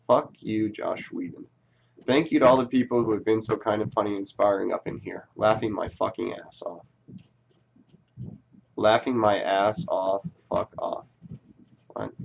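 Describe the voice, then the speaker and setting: A man's voice: medium pitch, lo-fi sound. A man reading tweets aloud and talking back to them in casual, sarcastic, profane commentary. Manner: sarcastic, profane, talks back to what he reads.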